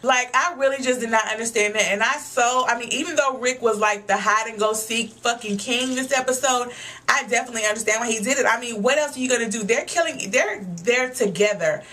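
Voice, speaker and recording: A woman's voice: on the high side, fairly quick, bright, forceful tone. A young woman vlogger giving a casual, blunt and profane rant reviewing a TV episode. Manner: blunt, profane, exasperated ranting.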